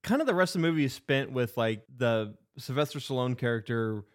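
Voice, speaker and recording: Man, casual podcast chat, rambling, filler-heavy, mid pitch. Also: animated, fairly quick. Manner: rambling, many fillers and restarts. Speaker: podcast co-host. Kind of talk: casual movie recap.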